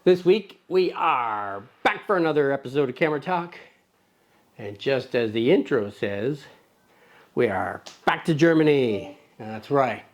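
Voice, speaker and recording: A man's voice: mid-range voice, lively intonation, unhurried. A man hosting a casual lens review show, playful and jokey, chatting to a toddler sidekick. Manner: playful, jokey, talks to his toddler co-host. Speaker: camera review host.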